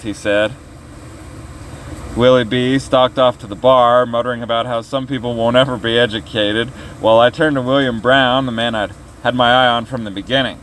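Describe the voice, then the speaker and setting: A man narrating a written story, reading it aloud with steady delivery. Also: mid-range voice, moderate pace, a little hiss or hum, low-quality recording.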